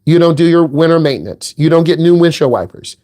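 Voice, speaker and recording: A man's voice: fairly high pitch, lively intonation, fast talker, dark tone. A middle-aged man from the Midwest giving a driving lesson in a blunt, teasing, direct way. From American Midwest. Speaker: driving instructor. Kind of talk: casual instructional talk.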